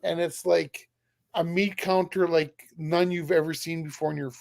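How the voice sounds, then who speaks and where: Blunt gravelly man swearing casually. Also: on the high side, steady tone, moderate pace, darkish tone, dry recording. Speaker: guest YouTuber. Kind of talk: casual chat. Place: at home.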